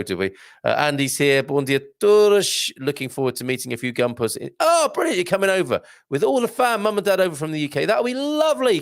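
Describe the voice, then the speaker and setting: A man hosting a live stream, chatting and reading out viewer comments with lively exclamations. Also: a little high, vocal fry, dry recording, studio quality. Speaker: host.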